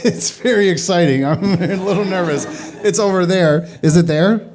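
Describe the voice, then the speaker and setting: Guy emceeing an open mic, kinda high voice, rambly and joking at himself. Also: moderate pace, darkish tone. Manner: rambling, self-deprecating, laughs often. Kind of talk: casual emcee banter. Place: small venue with audience.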